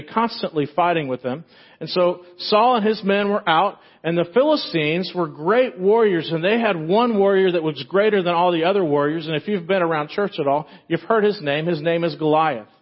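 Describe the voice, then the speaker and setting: A man's voice: high voice, lo-fi sound. A man pastor preaching a sermon in a church, retelling a story in a casual, joking way.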